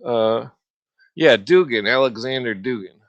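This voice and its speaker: A man's voice: medium pitch, a little slow, muffled recording. Profane rambling man ranting on a podcast. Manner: profane, meandering, full of filler and throat-clearing; mocking sneer when imitating opponents. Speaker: podcast host. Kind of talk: rambling solo rant.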